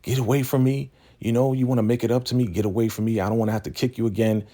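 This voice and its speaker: A man's voice: flat delivery, fairly quick, warm tone, lightly acted. A man voicing an edgy, hostile young woman in a raised voice while recapping a show. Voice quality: raised pitch.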